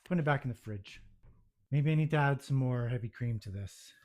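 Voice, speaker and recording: A man's voice: medium pitch, brisk, a little mellow. A man narrating his own home baking video, muttering to himself with self-deprecating exasperation as things go wrong in his kitchen.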